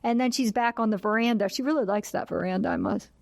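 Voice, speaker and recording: A woman's voice: mid-range voice, quick pace, vocal fry, dry recording. A woman hosting a podcast, animatedly retelling a film plot in a casual chat. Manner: animated retelling, acts out quotes. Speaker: podcast host.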